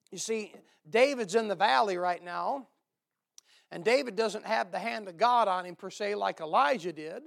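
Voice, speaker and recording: A man preaching a sermon in an emphatic way, repeating key phrases and swinging from loud bursts to quiet asides. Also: gravelly. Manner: emphatic, rising to loud bursts then dropping low.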